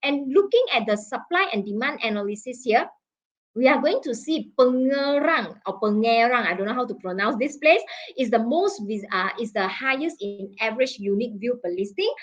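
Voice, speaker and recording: A woman with a Malaysian English accent presenting market data in a webinar, checking in with "okay?" and "right?" and pausing on fillers. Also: on the high side, lively intonation. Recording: dull lo-fi webinar audio.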